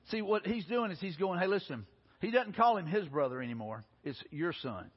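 A man's voice: high voice, animated, fairly quick, slightly rough. A male pastor, preaching a sermon in an earnest way, often restarting and repeating words. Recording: dull recording in a reverberant hall.

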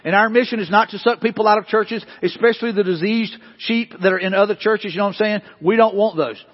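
Husky, high-voiced preaching man in a hall. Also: quick pace. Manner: repetitive, emphatic preaching with rising bursts. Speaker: pastor. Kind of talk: sermon. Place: church sanctuary. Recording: dull lo-fi hall recording.

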